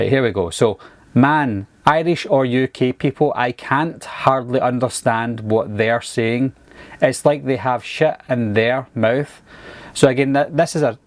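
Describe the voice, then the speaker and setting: A man's voice: medium pitch, no room sound. Scottish male YouTuber, exasperated commentary, mid-range voice, dead dry room. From Scotland. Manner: exasperated, mocking critique. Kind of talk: casual commentary reading viewer comments.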